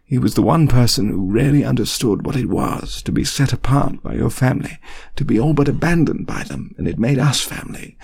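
A man's voice: mid-range voice, lively intonation, a little fast, gravelly, a little mellow, breathy edge, pitched above the performer's own voice. A man voicing an earnest, desperate grown wizard in an audiobook reading, speaking with urgent, pleading questions. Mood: anguished.

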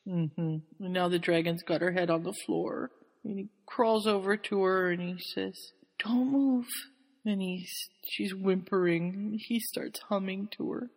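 A woman's voice: medium pitch, fairly even intonation, moderate pace, gravelly. A woman host in casual chat, animatedly recapping a story, laughing often and slipping into quoted voices. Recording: long hall reverb.

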